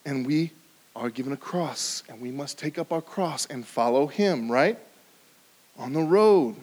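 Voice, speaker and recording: A man preaching a sermon, with sudden rises in pitch and volume and drops to a quiet, low voice for emphasis. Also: lively intonation, slow pace, long pauses. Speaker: pastor.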